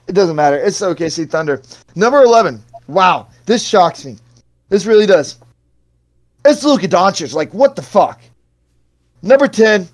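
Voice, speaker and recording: Casting: young-sounding man with a high voice, profane and loud, running a sports ranking countdown. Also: animated, normal speed. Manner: profane, hyped countdown delivery. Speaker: podcast co-host. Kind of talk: casual sports chat.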